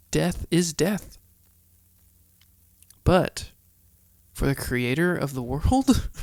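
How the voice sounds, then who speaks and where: A man with a gravelly, slow delivery hosts a podcast Bible study, reading scripture aloud and breaking off for chatty, earnest asides. His voice sits at a middle pitch and sounds close and dry, with no room around it. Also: no room sound. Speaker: podcast host.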